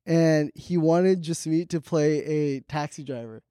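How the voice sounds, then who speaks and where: A man co-hosting a comedy podcast, joking and animated, laughing often. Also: fairly high pitch, unhurried, clean tone, no echo, studio quality. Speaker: podcast co-host. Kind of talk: casual comedic chat.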